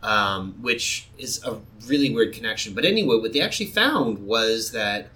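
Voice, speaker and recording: Bright, animated podcast co-host man. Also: fairly low pitch, moderate pace. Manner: animated storyteller, playful. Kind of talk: casual podcast chat.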